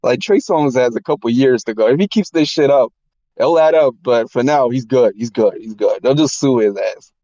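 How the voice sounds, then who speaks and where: A man with a mellow, warm voice makes emphatic points in a casual podcast chat, repeating phrases to drive them home. His audio is dull and lo-fi, dry with no room sound, like a remote feed. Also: mid-range voice, expressive, moderate pace, dry recording.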